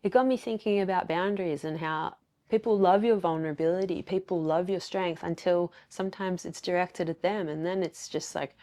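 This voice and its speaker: A woman's voice: on the low side, fairly even intonation, normal speed, warm tone. A woman with an Australian accent hosting a solo podcast, talking candidly and reflectively with many fillers. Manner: candid, confessional, fillers and quoted self-talk. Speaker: podcast host.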